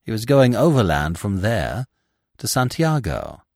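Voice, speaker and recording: A man's voice: on the low side, huge pitch swings, unhurried, a little mellow, no room sound, studio quality, heavily acted. A man reading aloud, voicing a proud and dignified widow in a storybook mystery. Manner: dignified, emotional. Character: proud, resolute grieving older widow.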